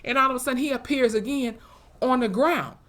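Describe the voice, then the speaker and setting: A young woman, recapping a TV episode in an animated, profane way and acting out the characters' lines. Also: sits high, brisk. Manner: animated, profane storytelling with acted-out quotes. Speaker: TV episode reviewer. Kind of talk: casual recap vlog.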